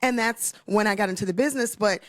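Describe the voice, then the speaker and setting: A woman tells her career story as an interview guest. She is animated and acts out the people she quotes. The voice is recorded dry, close to the mic. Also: mid-range voice, quick pace, no echo. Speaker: interview guest, TV host and real estate investor. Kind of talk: conversational interview.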